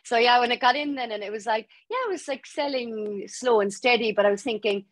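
A woman's voice: a little high, a little fast, no room sound. Chatty Irish woman telling a story. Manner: lively, laughing storyteller acting out quoted voices. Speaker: guest author. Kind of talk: storytelling interview.

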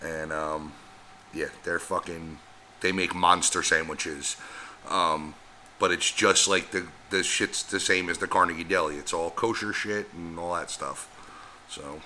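A man's voice: deep voice, steady tone, unhurried, bright, forceful tone, slight background noise. A man chatting on a podcast, chiming in with short remarks and rambling asides. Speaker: podcast co-host. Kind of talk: casual chat.

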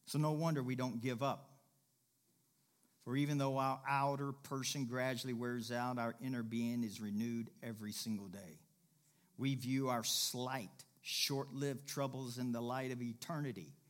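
A male preacher delivering a sermon in a folksy, conversational way, building to loud, emphatic exhortation. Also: medium pitch, steady tone, a little slow. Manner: emphatic, rising to shouted exhortation.

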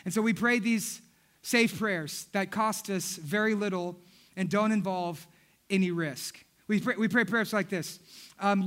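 A man preaches a church sermon in a high-pitched, slightly bright voice at a measured pace. His style is humorous storytelling aimed directly at the congregation.

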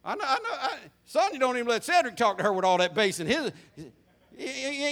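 Animated preacher with a bright, high voice. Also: male voice, fast. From Florida. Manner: animated, swings from loud to hushed, folksy storytelling. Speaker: pastor. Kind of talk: sermon.

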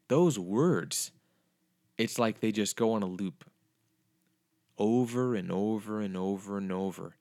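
A man with a somewhat low voice teaches scripture in podcast form. He talks earnestly, driving points home with repeated phrases. The sound is dry, with little room around it. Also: unhurried, pauses often, darkish tone, no echo. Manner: earnest, repetitive emphatic phrasing.

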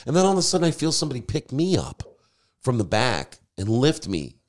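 A man, a podcast host and DJ, telling a story in casual chat, animated and swearing freely. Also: mid-range voice, fast.

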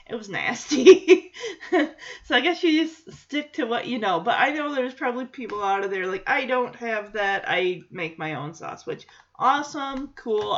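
A woman's voice: medium pitch, fairly bright tone. A woman chatting casually as a podcast host, rambling and thinking aloud with lots of restarts. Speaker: podcast host recapping a sitcom episode. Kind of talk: casual chat. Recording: dull lo-fi recording.

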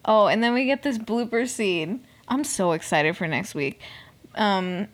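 A young woman talks through a casual recap podcast with a lively, swooping voice. She is chatty and expressive, swears freely, and drops into hushed asides and mock outrage. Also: medium pitch, a little slow. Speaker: podcast host. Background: air conditioner noise.

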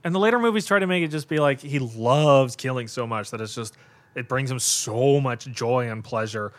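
A man of middle pitch talks through a horror film as it plays, in a loose, unscripted way. He gasps, swears and laughs as the action unfolds, with plenty of "like" and "God" between his thoughts. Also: moderate pace. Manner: excitable, reacts aloud with frequent laughs and exclamations; casual and profane, with lots of fillers like "like" and "God". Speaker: podcast host. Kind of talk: live movie watch-along commentary.

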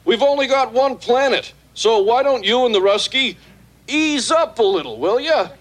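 A man's voice: extremely high pitch, animated, moderate pace. An actor voicing a wisecracking, pushy male alien in a 1980s sitcom, talking in a blunt, chummy way. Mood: pleading.

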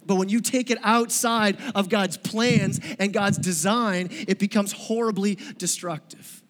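High-voiced man preaching in a reverberant hall. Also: steady tone, moderate pace, fairly bright tone. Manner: conversational, joking, asks the audience questions. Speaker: pastor. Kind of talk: sermon. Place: church sanctuary.

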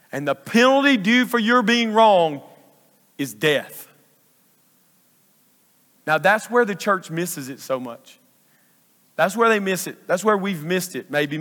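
Preaching in a church sanctuary, a man with a high, fairly bright voice drives his sermon home by repeating phrases emphatically. Long reverb from the large hall surrounds him.

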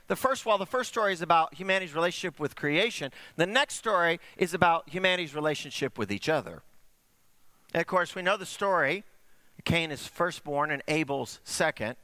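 A male pastor preaching a sermon, telling stories with animated swings between raised and hushed delivery. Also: smooth, no echo. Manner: animated storytelling, swooping between high and hushed.

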